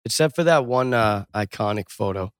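A man's voice: lowish voice, animated, normal speed, no room sound, studio quality. A man co-hosting a casual podcast, rambling loosely and swearing freely. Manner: loose, profane, wandering. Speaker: podcast co-host. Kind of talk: casual crude chat.

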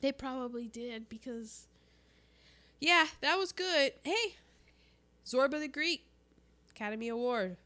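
A woman co-hosting a casual chat about a film, animated and jokey, acting out quotes as she talks. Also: high voice, a little slow, pauses often. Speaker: podcast co-host.

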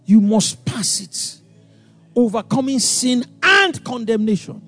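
A man preaching a sermon, animated and acting out voices, with sudden loud outbursts. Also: very high-pitched, slow, soft background music. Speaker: pastor.

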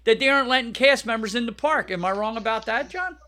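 A man co-hosting a podcast in casual chat, blunt and joking, getting loud when riled. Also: very high voice, fast. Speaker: podcast co-host.

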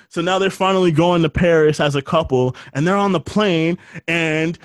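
A man co-hosting a casual podcast, joking and swearing as he retells movie scenes and acts out the characters' lines. His voice sits a little high for a man. The sound is close and dry, with no room echo. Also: normal speed, few pauses. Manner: loose, profane, jokey retelling with quoted voices. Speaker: podcast co-host. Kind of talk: casual chat recapping movies.

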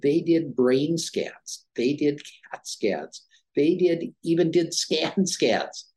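A man's voice: on the high side, expressive, takes it slowly, a little mellow, slightly rough. A middle-aged man, a former dermatologist, telling his story as an interview guest and acting out the dialogue in it. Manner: anecdotal, acts out quoted dialogue.

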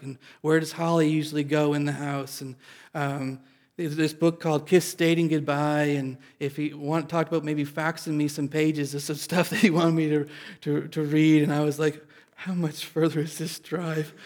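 A male pastor from Indiana telling an audience a personal story in an animated, self-deprecating way. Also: a little high.

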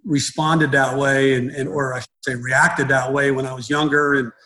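A man's voice: mid-range voice, little pitch movement, fairly quick, pushed and bright, poor audio. A middle-aged man, a baseball coach, talking in an interview, rambling and restarting his sentences often. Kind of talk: conversational interview.

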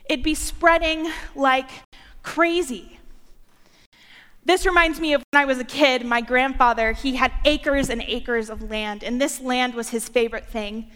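High-voiced young woman preaching in a reverberant hall. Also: steady tone, unhurried, pushed and bright. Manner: playful, joking asides. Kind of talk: sermon.

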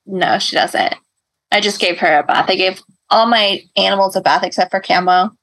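A woman's voice: mid-range voice, moderate pace, a bit bright. A woman co-hosting a podcast, chatting casually, telling stories and laughing often. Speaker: podcast co-host. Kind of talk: casual chat.

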